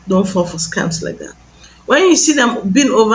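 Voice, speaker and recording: A woman's voice: medium pitch, expressive, moderate pace, slight background noise, low-quality recording. A woman giving emphatic advice in a casual monologue, warning listeners and repeating phrases. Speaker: social media commentator.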